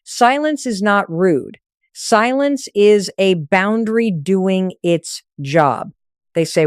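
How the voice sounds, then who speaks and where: A woman's voice: medium pitch, animated, takes it slowly, clear, resonant tone, no echo, clean studio sound. A woman narrating a scripted motivational talk, coaching firmly in short, punchy phrases.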